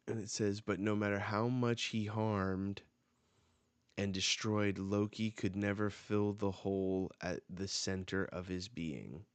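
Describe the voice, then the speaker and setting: A man's voice: fairly low pitch, steady tone, measured pace, clean tone, dry recording. A man hosting a live reaction, reading comic dialogue aloud and reacting as he goes. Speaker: manga reaction host.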